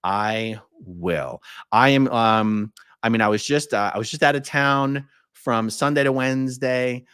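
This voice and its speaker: A man's voice: medium pitch, measured pace, a bit bright, clean tone, no echo, studio quality. An American man hosting a casual livestream, reading viewer comments aloud in an easygoing way. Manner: conversational, reads viewer comments aloud, many fillers. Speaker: livestream host filling in.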